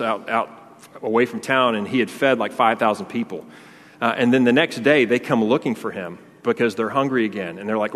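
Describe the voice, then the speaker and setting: Man preaching in a reverberant hall. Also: mid-range voice. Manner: earnest, conversational preaching with fillers and Scripture readings. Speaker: pastor. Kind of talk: sermon.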